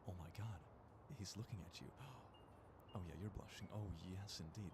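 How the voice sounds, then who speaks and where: A man's voice: on the low side, animated, normal speed, background noise. A young man streaming, casually joking as he reacts to clips and reads posts aloud.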